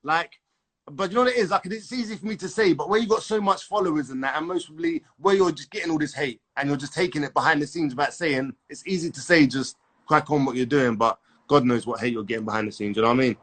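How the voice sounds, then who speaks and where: A man's voice: fairly high pitch, fast, a bit bright. A man hosting a casual podcast chat, laid-back and persuasive, full of slang.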